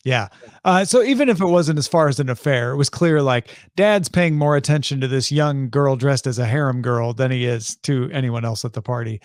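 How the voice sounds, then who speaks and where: A man's voice: mid-range voice, a little fast, no room sound, studio quality. A man co-hosting a podcast, chatting casually and animatedly about a TV episode. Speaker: podcast co-host.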